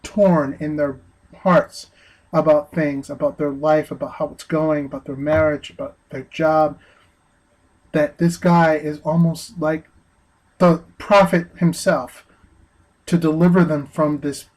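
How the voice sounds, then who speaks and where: Earnest man with halting commentary. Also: a little high, darkish tone, poor audio. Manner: earnest, halting, many restarts. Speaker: vlogger. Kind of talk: opinion commentary monologue.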